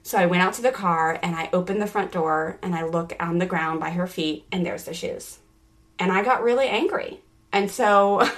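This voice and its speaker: A woman in her forties, a parenting coach hosting a podcast, telling a family story in a chatty, animated way full of "like" fillers. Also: medium pitch. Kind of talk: casual storytelling.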